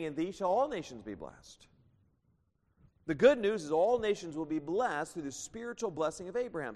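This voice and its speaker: A man's voice: fairly high pitch, a little mellow. A man preaching a sermon, reading scripture aloud and explaining it, at times raising his voice. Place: church sanctuary. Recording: long hall reverb.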